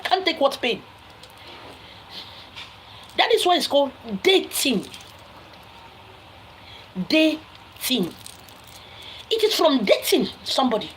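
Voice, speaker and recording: Woman, preachy advice lecture, scolding and emphatic, slightly high voice, light background noise. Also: poor audio. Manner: scolding, emphatic, rhetorical questions. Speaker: speaker giving relationship advice.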